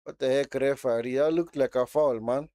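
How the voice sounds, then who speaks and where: A man's voice: mid-range voice, fairly even intonation, moderate pace, dark tone, no echo. A man giving casual live football commentary during a watchalong, chatty and reacting as he goes, often tagging sentences with short asides. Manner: chatty, frequent tag words like man and eh.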